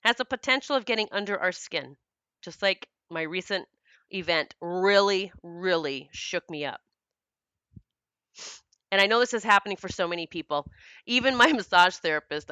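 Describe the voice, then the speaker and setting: Bright, clear-voiced woman on spiritual talk. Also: on the low side, no echo, muffled recording. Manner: earnest, rambling, laughs often, swears casually. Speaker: spiritual podcast host. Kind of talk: casual spiritual monologue.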